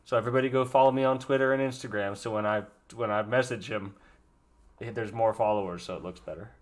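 A young man streaming his live reaction to a musical, excitable, emotional and swearing often. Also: lowish voice, fast talker.

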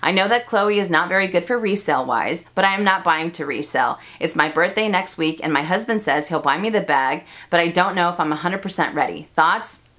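A woman's voice: fairly low pitch, animated, fairly quick, a bit bright. A chatty American woman hosting a handbag Q&A vlog, laughing often and poking fun at herself. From United States. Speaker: luxury handbag YouTuber. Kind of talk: casual Q&A vlog chat.

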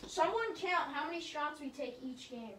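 A young woman chatting casually and excitedly while playing a game, slangy and quick to laugh. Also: high voice. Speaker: knee hockey player. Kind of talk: casual play-by-play banter. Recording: echoey room, distant mic, noisy.

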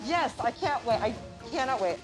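A woman client who works as a magician, excitable and gushing as she talks in a salon. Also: a little high, normal speed, over loud music. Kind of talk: reality show chat.

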